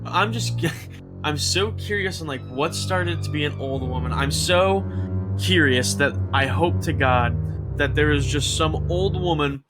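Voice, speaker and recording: A man's voice: fairly high pitch, a little slow, over music. A man co-hosting a podcast, casually rambling through a story with lots of swearing and acted-out quotes. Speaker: podcast co-host. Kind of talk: casual chat.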